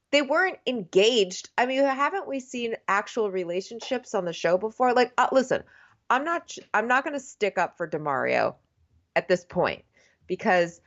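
A woman co-hosting a casual chat about a TV show, wry and expressive, sometimes quoting people in put-on voices. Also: medium pitch. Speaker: podcast co-host. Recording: dull lo-fi sound.

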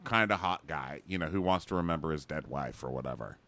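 A man's voice: extremely low pitch, animated, a little fast, fairly bright tone. A man co-hosting a podcast, casually recapping a reality show in a gossipy, sardonic way and acting out quotes. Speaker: podcast co-host.

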